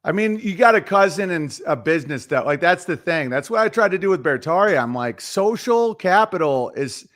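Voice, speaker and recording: Man, middle-aged, comedian guest, casual podcast chat, rambling animated storytelling, fairly high voice. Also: brisk, few pauses.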